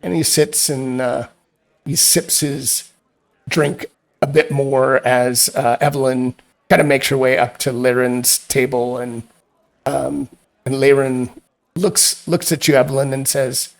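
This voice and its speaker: A man running a tabletop role-playing game as game master, narrating in a loose, halting way with frequent restarts. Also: medium pitch, steady tone, gravelly.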